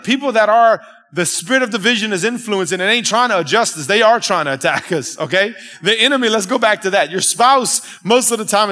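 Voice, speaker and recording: Bright-voiced preacher in a reverberant church. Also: male voice, high-pitched. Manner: emphatic, calls out to the congregation. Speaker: pastor. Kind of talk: sermon. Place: church service. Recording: long reverb of a church hall.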